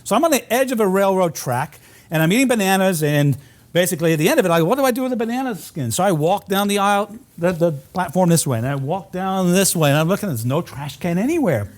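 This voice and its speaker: A male professor lecturing in a hall, his voice sitting high and swinging widely in pitch. He tells travel stories over slides in an animated, storytelling way. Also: brisk. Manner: animated anecdotes with audience laughter. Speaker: college geography professor giving a lecture.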